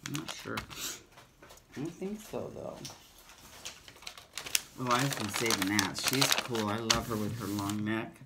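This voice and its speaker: Low-voiced woman chatting while crafting. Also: heavy background noise. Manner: chatty, rambling, self-talk while working. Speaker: crafting vlogger. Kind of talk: casual crafting chat to camera. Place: home craft table.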